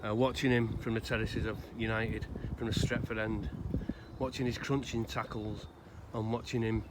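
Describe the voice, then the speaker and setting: A grave-visiting vlogger from Salford, England, talks in a lowish voice with a level tone. He rambles outdoors in a cemetery, conversational and frequently pausing, as he gives a casual spoken tribute and tells stories, with outdoor noise in the background.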